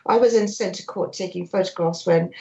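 Older woman, sports photographer guest; animated storyteller who acts out quotes. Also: lowish voice, moderate pace, creaky, muffled recording. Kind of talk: telling stories in a radio interview.

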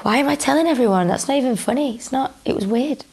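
A woman's voice: high-pitched, quick pace, a little mellow, breathy edge. A woman co-hosting a podcast, chatting casually and giggling a lot while reading out listener letters. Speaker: podcast co-host. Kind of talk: casual chat.

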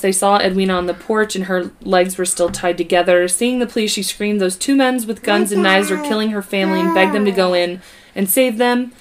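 A woman co-hosting a podcast, reading a true crime case aloud in a casual way, stumbling over words and adding asides. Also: medium pitch. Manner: reads from notes with stumbles and asides.

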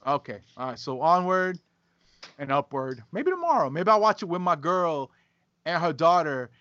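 High, bright-voiced man bantering on a podcast. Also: big pitch swings, moderate pace. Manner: teasing, easygoing banter with laughs. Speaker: podcast co-host. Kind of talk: casual chat. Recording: dull, lo-fi podcast audio.

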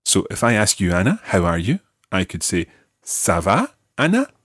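A man teaching a recorded language lesson, explaining patiently and saying the model words slowly. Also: sits low, huge pitch swings, a bit bright, husky, dry recording, clean studio sound.

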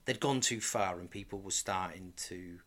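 A man's voice: sits low, moderate pace, fairly bright tone. A man co-hosting a casual chat, rambling and correcting himself as he goes. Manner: rambling, chatty, self-correcting. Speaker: podcast co-host.

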